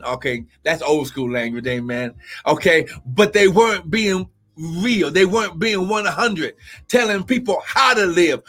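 High-voiced man preaching with shouts. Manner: shouting exclamations and drawn-out repetitions. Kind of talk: charismatic prophetic preaching. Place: church service, live.

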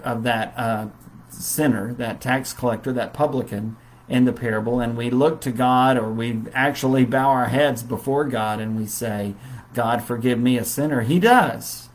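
A man's voice: mid-range voice, moderate pace, rough recording. Man teaching a Bible study. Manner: conversational, warm storytelling with fillers. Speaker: preacher.

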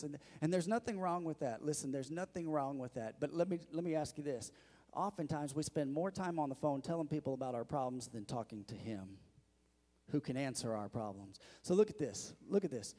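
A man's voice: fairly high pitch, expressive, moderate pace, mellow, long reverb tail. A male pastor preaching a sermon, asking the congregation questions and calling for their responses.

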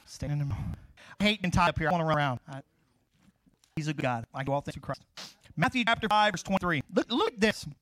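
Fast-talking, high-voiced pastor preaching. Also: male voice, no room sound, poor audio. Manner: animated preaching, swings from loud scripture reading to quiet asides; tells his testimony conversationally, acting out both sides of conversations. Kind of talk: sermon.

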